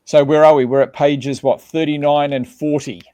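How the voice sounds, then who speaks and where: A man's voice: fairly high pitch, level tone, normal speed, warm tone, clean tone. A man co-hosting a casual discussion of a book, talking conversationally and reading verses aloud. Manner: conversational, reads scripture aloud, frequent restarts. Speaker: co-host.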